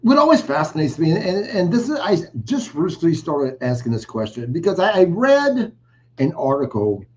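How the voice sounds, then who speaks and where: A man's voice: fairly high pitch, big pitch swings, normal speed, darkish tone, muffled recording. A man hosting a wrestling podcast, asking long, winding questions in a chatty way. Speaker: podcast host.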